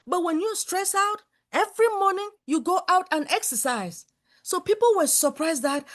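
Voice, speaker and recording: Lively high-voiced woman telling stories. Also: moderate pace. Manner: animated storytelling with many asides. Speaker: guest speaker. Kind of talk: casual talk-show chat. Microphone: video call.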